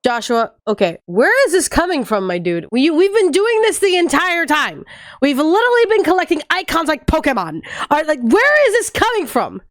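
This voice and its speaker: A woman streamer giving casual, foul-mouthed commentary while playing a game, animated and arguing with the characters. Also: sits high, moderate pace, no echo, clean studio sound. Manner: animated, profane, argues with the characters.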